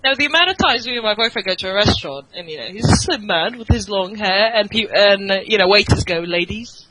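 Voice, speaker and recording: A man in casual podcast chat who laughs a lot and jumps in with quick comments. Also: high voice, lively intonation. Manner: giggly, quick to laugh and interject. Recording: crowd noise behind.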